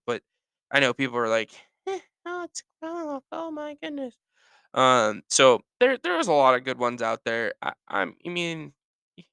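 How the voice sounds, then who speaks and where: A man rants casually on his own podcast, rambling and correcting himself as he goes, with sighs between thoughts. His voice is bright and clear, with gravelly fry. The sound is dry and close. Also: mid-range voice, no room sound. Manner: rambling, self-correcting, sighing. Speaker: podcast host. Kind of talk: casual solo rant.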